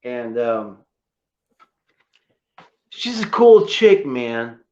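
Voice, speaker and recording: Very slow and medium-pitched, this co-host's voice comes through with the highs cut off. He chats casually and tells excitable, emotional stories about his collection, sometimes getting choked up.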